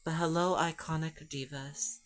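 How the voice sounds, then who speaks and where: A woman's voice: low voice, steady tone, measured pace. A woman voicing a bubbly, feminine young gay man who gushes with slang and swearing. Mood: gushing.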